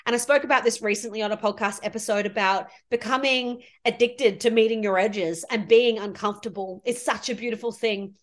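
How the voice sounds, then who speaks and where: A woman's voice: a little high, fairly quick, few pauses. A woman hosting her own podcast as a money mindset coach. She speaks in a heartfelt, effusive, spiritual coaching manner. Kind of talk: solo podcast monologue.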